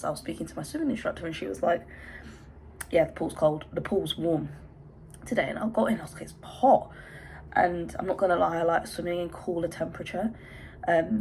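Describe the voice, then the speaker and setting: Her voice low and somewhat dark, this young English vlogger chats from her bedroom at home, out of breath because of hay fever. She rambles and cuts herself off, and the recording is low quality with a little background noise.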